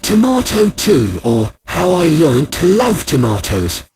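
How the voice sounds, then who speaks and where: Upbeat animatronic reader for a male actor; animated delivery, noisy lo-fi take. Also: on the high side, a little slow. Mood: relishing. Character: relishing, cheerful animatronic. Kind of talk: fan voice acting of a poem. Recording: noisy hiss.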